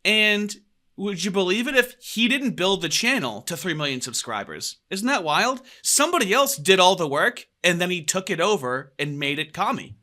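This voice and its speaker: Bright, sarcastic male podcast host. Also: high-pitched, very animated, moderate pace. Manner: sarcastic, mocking. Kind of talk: casual podcast chat.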